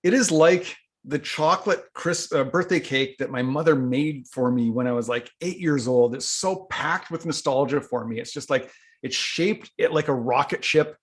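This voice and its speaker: A man's voice: mid-range voice, normal speed. A man co-hosting a whisky tasting show, talking casually and gushing with enthusiasm. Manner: gushing, nostalgic. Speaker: co-host.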